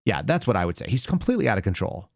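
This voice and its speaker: A man's voice: lowish voice, very animated, very fast, gravelly. A man hosting a political commentary show, ranting with sarcastic asides. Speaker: show host.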